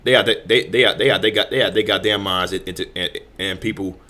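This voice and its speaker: Pitched low and sharp in tone, this man hosts a show and talks briskly with fairly even intonation. He delivers angry, repetitive commentary, stumbling into restarts and cursing often.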